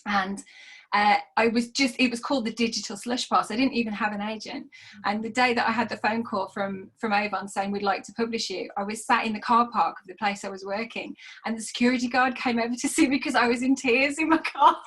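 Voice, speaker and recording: A woman hosting an online author conversation, encouraging and reacting quickly, reading out audience questions. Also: a little high, steady tone, fairly bright tone, husky. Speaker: host.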